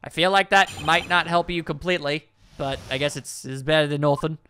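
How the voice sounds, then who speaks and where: A man's voice: on the high side, a little fast, bright, forceful tone, a little hiss or hum. A man doing joking, self-deprecating commentary while playing through a story game. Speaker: let's play host. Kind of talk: playthrough commentary.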